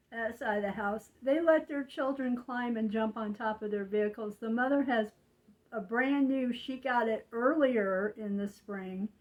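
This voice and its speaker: An older woman talking slowly and rambling in a confiding way, with frequent fillers. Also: a little high, lo-fi sound. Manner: slow, rambling, confiding, with frequent "you know". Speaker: vlogger. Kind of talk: casual monologue.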